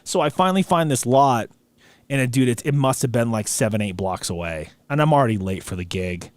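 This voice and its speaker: Man, podcast host, laid-back story, slangy talk, mid pitch, dry sound. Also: brisk, dry recording. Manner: relaxed, slangy, says dude and bro. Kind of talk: casual storytelling chat.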